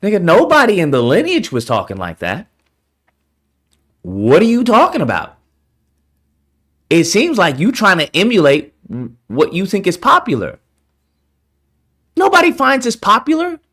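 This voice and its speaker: An exasperated online commentator rants in a heated, bright-toned voice, swearing freely as he argues his point. His pitch lurches dramatically between lines and climbs into incredulous questions. He takes his time and stops to pause often.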